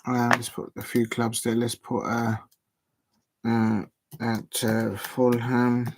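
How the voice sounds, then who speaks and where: In a medium-pitched monotone, a South London man talks slowly while hosting a football watch-along stream. He rambles casually and mutters to himself as he types, and there's slight background noise.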